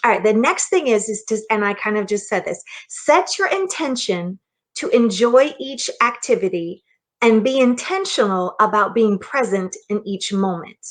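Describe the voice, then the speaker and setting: A woman's voice: medium pitch, lively intonation, normal speed. A middle-aged woman, a minister and mindset coach, giving an earnest, conversational motivational sermon, often checking in with the listener. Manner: earnest and conversational, with frequent restarts and "okay?" check-ins.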